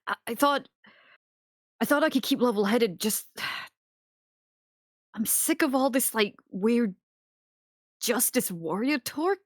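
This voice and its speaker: A woman speaking in character during a tabletop game, hesitant and sighing, with many pauses. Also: a little high, lively intonation, dry recording, studio quality. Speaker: player. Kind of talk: in-character tabletop role-play.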